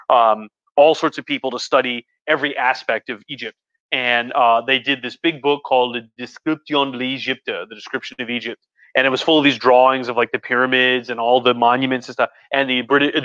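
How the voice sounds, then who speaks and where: A man's voice: medium pitch, pushed and bright, no room sound. A man, a history professor, giving a casual, rambling talk while a bit tipsy, full of fillers, restarts and jokey asides, recorded at home. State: tipsy from drinking. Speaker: history professor live-streaming. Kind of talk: casual lecture chat. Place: home living room with a couch. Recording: dull lo-fi stream audio.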